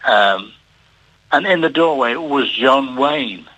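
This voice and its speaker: An older man, a television producer, telling a story on the radio with halting repeats and lively delivery. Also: mid-range voice, rough recording. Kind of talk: anecdotal storytelling.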